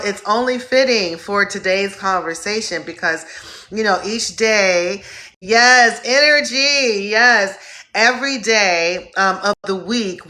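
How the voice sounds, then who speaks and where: Effusive woman hosting a slow live stream. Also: lowish voice, bright, forceful tone. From Northeast Ohio. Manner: effusive, drawn-out greetings, upbeat. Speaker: host. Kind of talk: live stream chat greeting viewers.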